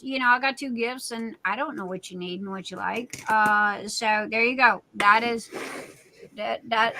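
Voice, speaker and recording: A woman's voice: fairly high pitch, bright, forceful tone, a little hiss or hum, poor audio. A woman hosting a casual livestream, reading out viewer comments in a silly, chatty way. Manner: chatty and silly, self-described class clown. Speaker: livestream host.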